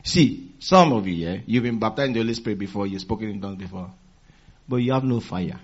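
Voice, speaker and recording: A man preaching a sermon in a call-and-response manner, repeating phrases for emphasis and swinging between loud exhortation and quiet teaching. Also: fairly low pitch, expressive, quick pace, husky, muffled recording.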